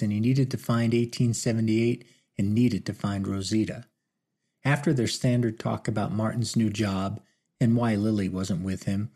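Deep, dark, gravelly man reading a novel aloud, steady and even. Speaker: audiobook narrator. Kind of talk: scripted narration.

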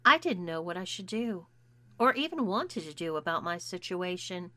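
A woman narrating a first-person story in a measured, intimate reading. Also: fairly low pitch, lively intonation, pushed and bright. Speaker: audiobook narrator.

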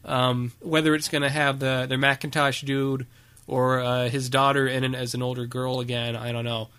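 A man hosts a laid-back podcast, talking in loose, rambling bursts full of fillers. His voice has a bright, keen edge. He laughs easily between points. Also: mid-range voice, flat delivery, moderate pace, clear, resonant tone. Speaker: podcast host. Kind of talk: casual podcast chat.

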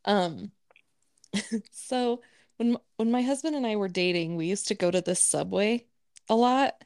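A woman co-hosting a casual podcast, telling a story in a lively way, acting out quotes and swearing. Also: medium pitch, measured pace, smooth, no echo, studio quality. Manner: animated, acts out quotes, swears. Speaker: podcast co-host.

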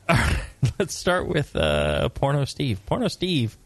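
A man's voice: a little high, wildly swooping pitch, very slow, no room sound. A man hosting a casual beer talk show, joking and teasing his guests. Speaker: podcast host.

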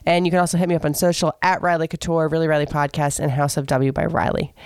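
A young woman with a Southern US accent hosting a casual solo podcast rant, hoarse and stuffy from a cold, blunt and gossipy with lots of fillers. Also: deep voice, little pitch movement, fast talker, a little mellow, dry recording, clean studio sound. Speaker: podcast host.

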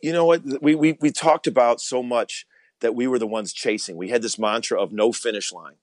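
A man's voice: medium pitch, a little fast, no echo. A man, a college basketball coach, answering interview questions earnestly, often repeating words as he starts.

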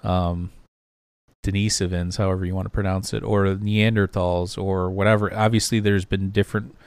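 Man, low voice, smooth tone, casual podcast talk, rambling with fillers, dry close sound. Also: flat delivery, brisk, a little mellow, no room sound. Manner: rambling, hesitant, many fillers. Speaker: podcast co-host.

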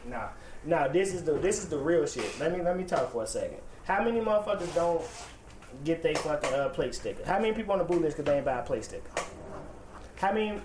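A man's voice: a little high, expressive, fast, background noise. A man hosting a heated casual debate, insistent and argumentative. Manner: insistent, argumentative, keeps claiming the floor.

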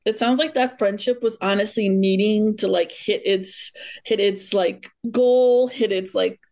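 A woman counselor, here as a podcast guest, talks things over in a relaxed, reflective way. Her phrasing is loose and full of small fillers, and her voice sits at a middle pitch. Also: a little slow. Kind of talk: casual conversation.

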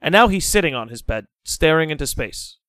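A young man guesting on a podcast, telling a story in a casual, animated, dramatic way and swearing freely. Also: on the high side, fairly quick, clear, resonant tone, dry recording.

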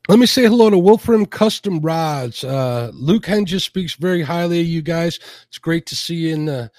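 A man's voice: a little high, animated, normal speed, darkish tone, no echo, clean studio sound. A man hosting a casual livestream interview, chatting loosely with frequent restarts. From Illinois. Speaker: host.

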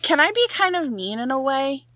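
A woman's voice: high-pitched, very animated, moderate pace, bright, forceful tone, no echo. A woman co-hosting a podcast in casual film chat, playful, giggling and swearing freely. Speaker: podcast co-host.

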